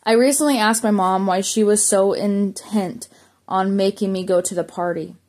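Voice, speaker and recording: A woman's voice: mid-range voice, fairly even intonation, normal speed, darkish tone. A woman reading a memoir aloud as an audiobook, plainly, with small slips and self-corrections. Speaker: audiobook reader.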